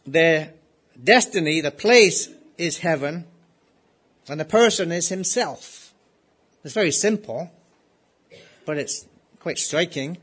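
A man delivers a sermon in a slightly higher-than-average voice. He speaks earnestly and keeps asking the congregation rhetorical questions. He slows down to repeat his key phrases. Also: animated, fairly bright tone, husky. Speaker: preacher.

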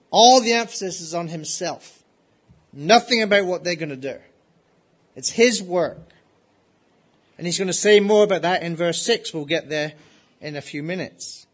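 A man's voice: high voice, slightly rough. Man preaching with earnest rhetorical questions. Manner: earnest, asks listeners rhetorical questions, repeats key phrases slowly. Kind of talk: sermon.

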